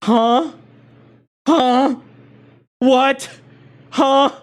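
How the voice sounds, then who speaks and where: A streamer chatting live with viewers, hyper and shouty, swearing a lot and bursting into yells. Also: high-pitched, fairly even intonation, very slow.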